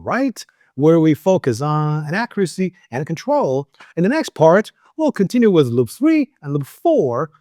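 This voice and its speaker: Lively non-native man coaching pronunciation. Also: on the high side, dry recording, clean studio sound. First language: not English. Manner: lively, coaching, many fillers. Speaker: English pronunciation teacher. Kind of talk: pronunciation lesson.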